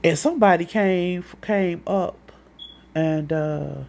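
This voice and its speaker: A woman's voice: on the low side, slow, a little mellow, a little hiss or hum. A woman with a St. telling a long, rambling, profane story in a casual monologue, acting out what other people said. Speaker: vlogger.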